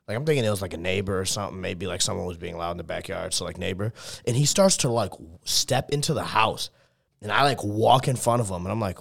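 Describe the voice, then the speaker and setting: Fast-talking young Texan man telling a story. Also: medium pitch, expressive, creaky. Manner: fast rambling anecdote full of fillers and profanity. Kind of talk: casual storytelling chat.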